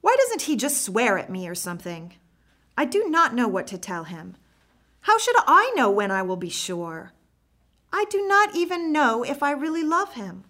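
A woman's voice: on the high side, moderate pace. Woman reading a first-person story. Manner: earnest, reflective, expressive reading. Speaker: narrator.

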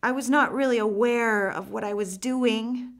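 A woman narrating a first-person story, her reading earnest and reflective. Her phrasing is expressive and follows the inner thoughts of the teller. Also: on the high side, moderate pace.

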